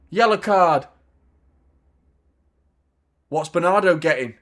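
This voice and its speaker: A young man, giving a live watchalong commentary on a football match, chatty and swearing, shouting in outrage at fouls. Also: medium pitch, lively intonation, moderate pace.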